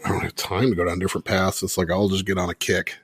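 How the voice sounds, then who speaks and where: A man hosting a podcast in casual chat, animated and rambling with laughs and fillers. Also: sits low, fast, breathy edge, dry recording, clean studio sound. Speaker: podcast host.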